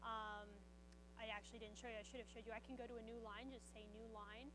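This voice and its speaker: A woman from the southern United States giving an upbeat conference presentation, demonstrating software and answering audience questions. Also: fairly high pitch, level tone, quick pace, noisy background. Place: conference room.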